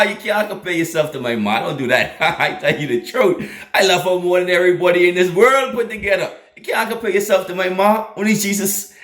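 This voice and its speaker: The host of a faith channel tells his online audience a personal story, laughing often and repeating lines for emphasis. His voice is high-pitched and a bit bright, recorded in an echoey room.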